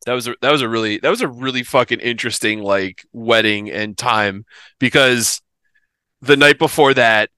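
A man's voice: medium pitch, moderate pace, pushed and bright, clean tone, no room sound. A man in his thirties from the Philadelphia area, telling a profane comic story on a podcast and laughing often. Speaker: podcast host. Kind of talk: casual comedic storytelling.

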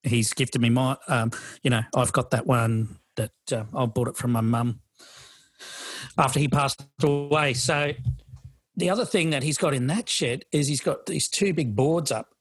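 A man's voice: mid-range voice, normal speed, no room sound. Rambling man, dry sound. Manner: rambling, full of fillers and restarts. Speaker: podcast co-host. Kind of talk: casual chat.

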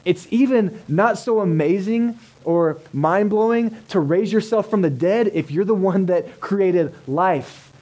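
Mellow-voiced pastor preaching casually. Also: male voice, sits high, a little slow, hardly any pauses, poor audio. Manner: conversational, asks the congregation rhetorical questions. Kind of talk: sermon. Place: church service held in a cinema.

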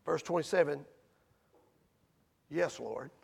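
A man preaching a sermon, full of rhetorical questions to the congregation and sharp swings between loud and quiet. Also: fairly high pitch, takes it slowly, vocal fry, breathy edge. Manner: rises and drops sharply in loudness.

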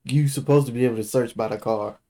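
A man's voice: medium pitch, fast, warm tone. Profane, teasing man on a podcast. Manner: teasing, profane, laughs often. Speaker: podcast co-host. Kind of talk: casual chat.

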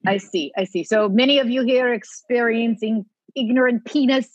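A woman's voice: fairly high pitch, moderate pace, no room sound, dull audio, close to an everyday voice. A woman voicing a pompous self-declared female guru with a put-on accent, in an improvised comedy sketch. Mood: haughty. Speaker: comedy podcast regular.

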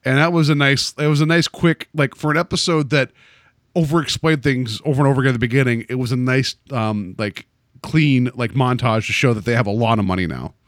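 A man's voice: mid-range voice, fairly quick, no room sound, clean studio sound. A man chatting casually about an episode, rambling with lots of "like" and "um". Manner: rambling, heavy use of "like" and "um". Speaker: podcast co-host. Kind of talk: casual chat.

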